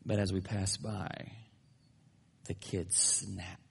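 A man's voice: low voice, little pitch movement, takes it slowly, vocal fry, breathy edge. A man preaching a sermon as a pastor, telling everyday stories with playful humorous asides.

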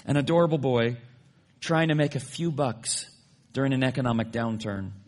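A male pastor delivers a sermon with a gravelly, husky edge to his voice. He tells everyday stories with playful, humorous asides before turning to scripture. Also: medium pitch.

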